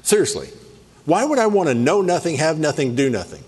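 A man preaching a sermon in a lively, playful way, rattling off scripture references. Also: a little high, a little fast, breathy edge. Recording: long hall reverb.

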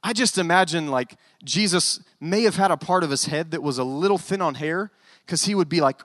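A male pastor preaching a sermon in an animated way, with joking asides. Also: on the high side, a little fast, dry recording, long reverb tail.

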